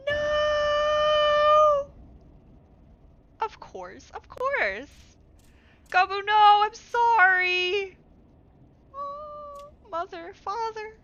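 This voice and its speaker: A woman voicing a frightened, grieving young male kobold in a video game, with a high, pleading tone. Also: sing-song, slow pace, dull audio, noisy background, full character voice. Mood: grief-stricken.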